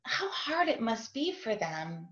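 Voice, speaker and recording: A woman's voice: a little high, big pitch swings, takes it slowly, a bit bright. Middle-aged woman guest, earnest confessional testimony, video call, echoey room, dull sound. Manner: earnest and confessional, often asks "right?". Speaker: guest sharing her story as a parent. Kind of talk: heartfelt personal testimony in an interview.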